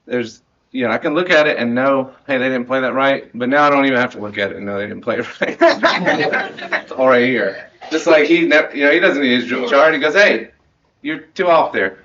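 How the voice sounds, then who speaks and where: A man's voice: medium pitch, a little fast, fairly bright tone, muffled recording. A man in his thirties, a marching band director, giving a heartfelt end-of-season speech to his students, earnest and rambling with laughs and restarts.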